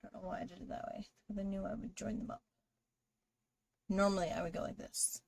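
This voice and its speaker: A woman's voice: mid-range voice, fairly even intonation, fairly quick, vocal fry, darkish tone. A woman hosting a live drawing stream, chatting casually with viewers and greeting them while she draws. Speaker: livestream artist host.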